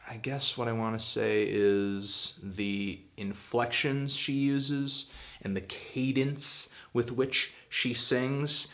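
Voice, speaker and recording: A man's voice: mid-range voice, little pitch movement, slow pace, fairly bright tone. A man hosting his own show, giving a casual spoken album review, blunt and full of hedging fillers, getting emphatic and exasperated at times. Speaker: music critic and show host.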